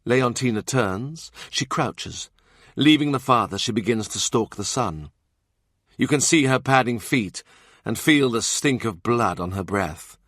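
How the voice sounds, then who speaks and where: A man's voice: mid-range voice, animated, unhurried, a bit bright, no echo, studio quality. A man narrating a historical novel audiobook in a vivid, dramatic reading. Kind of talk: scripted narration.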